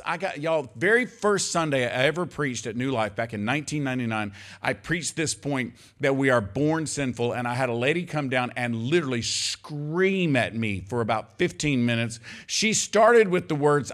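A man's voice: fairly high pitch, animated, moderate pace, fairly bright tone. An older man preaching a sermon, emphatic and conversational, often calling out to the congregation. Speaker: pastor.

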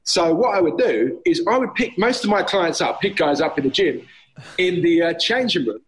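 A gym owner who works as a personal trainer tells animated stories on a casual podcast, acting out the banter from his gym. His voice is on the high side at normal speed, and the rough outdoor street recording has a crowd and faint street noise behind him.

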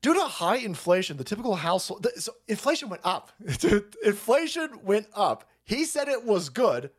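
Foul-mouthed male streamer, sarcastic rant, high and wildly swinging voice. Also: big pitch swings, normal speed. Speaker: streamer host. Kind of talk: profane political comedy rant.

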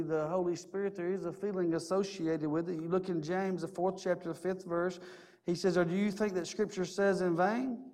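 A man's voice: on the high side, darkish tone. A middle-aged man preaching a sermon, earnest and personal, telling stories and repeating key phrases.

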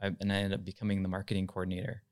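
A man, a podcast guest, telling his career story in a relaxed, casual way with lots of "like" fillers. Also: low-pitched, racing, no echo, studio quality. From California. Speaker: podcast guest, real estate marketing director.

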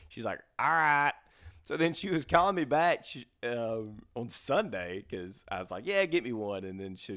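A man's voice: on the low side, a bit bright. Rambling Texan man, casual podcast chat. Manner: rambling, restarts a lot, laughs easily. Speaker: podcast co-host.

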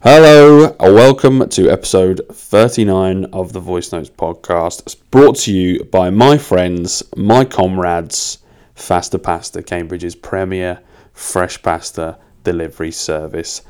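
A young man with a very deep, clear and smooth voice rambles through a casual solo podcast. His talk is loose and peppered with swearing. He keeps laughing at his own expense. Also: slow, a little mellow. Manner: loose, sweary and self-mocking. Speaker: podcast host.

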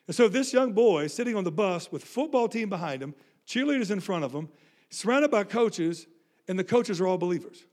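A middle-aged man, a pastor telling a lively story in a sermon and acting out the dialogue. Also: high-pitched. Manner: animated, self-mocking storytelling with quoted dialogue.

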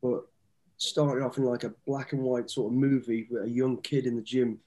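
A man's voice: medium pitch, steady tone, normal speed, warm tone. A man in his fifties, a guest telling easygoing, rambling stories with frequent restarts. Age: 50s. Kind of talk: casual storytelling interview.

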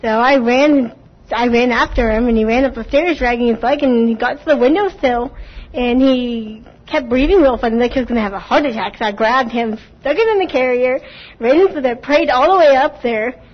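A woman with a fairly high voice telling her church testimony in a rapid, breathless retelling. The sound is muffled and lo-fi. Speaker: congregant giving a testimony. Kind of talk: spoken testimony.

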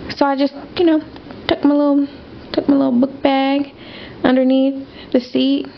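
A young woman hosting a podcast, telling a personal story in a casual, animated, emphatic way with lots of fillers. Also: high-pitched, creaky. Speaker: podcast host. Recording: dull lo-fi audio.

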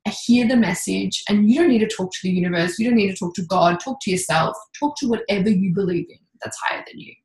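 A woman coach telling a candid personal story in a casual, lively way, with mild swearing. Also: mid-range voice, quick pace, few pauses, reverberant, low-quality recording. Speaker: intuitive coach, podcast guest.

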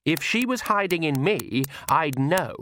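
A man's voice: mid-range voice, expressive, normal speed, background noise, voice pushed up, natural voice. A man voicing a sneering, haughty young female vampire in a snide, scornful tone.

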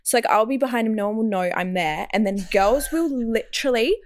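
A woman's voice: on the high side, a little fast. A young woman chatting as a podcast guest, blunt and swearing freely while acting out quotes. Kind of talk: casual podcast chat.

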